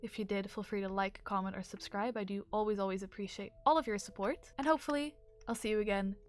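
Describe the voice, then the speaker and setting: A woman's voice: medium pitch, fairly even intonation, fast. A woman giving chatty, upbeat commentary on her gameplay as a gaming video host, with rambling asides. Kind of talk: casual game commentary.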